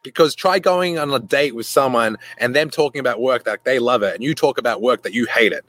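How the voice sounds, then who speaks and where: A young adult man hosting a podcast, telling a casual story full of cursing, who jumps into quick voices for the people in his anecdote. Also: medium pitch, dry recording. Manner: animated, swears freely, acts out voices in anecdotes. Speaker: podcast host.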